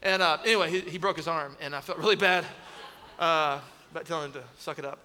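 Animated pastor preaching in a big hall. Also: male voice, fairly high pitch, fast talker. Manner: animated storytelling, acts out voices and shouts. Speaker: executive pastor of student ministry. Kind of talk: sermon with humorous stories. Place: large church hall. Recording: long hall reverb.

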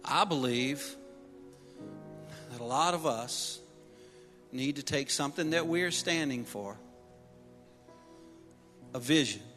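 A middle-aged man preaching a sermon, telling personal stories with humor and building to loud exhortation. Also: mid-range voice, slow pace, pauses often, faint music behind. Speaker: pastor. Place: church sanctuary. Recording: long reverb of a large hall.

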